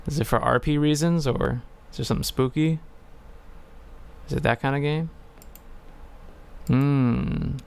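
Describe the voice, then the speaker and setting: Casual male game streamer; gravelly but smooth voice, rambling, hesitant delivery. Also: mid-range voice, fairly even intonation, measured pace, long pauses, darkish tone.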